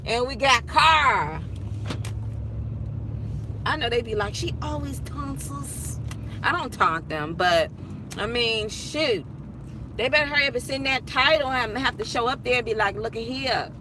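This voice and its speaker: A woman vlogging from inside her car, telling stories to her viewers in a chatty, animated way and laughing often. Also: fairly high pitch, a little slow, long pauses, background noise. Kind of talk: casual chat while driving.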